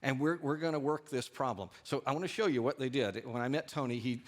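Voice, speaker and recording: A man's voice: mid-range voice, fast. A male pastor preaching a sermon in a church, talking animatedly and lifting his voice for asides and quoted lines. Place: church sanctuary.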